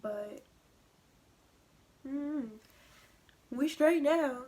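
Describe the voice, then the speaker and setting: A young woman vlogger telling a personal story in a casual, animated way, acting out what others said. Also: sits high, drawn-out words, a little hiss or hum. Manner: animated retelling, acting out quoted lines.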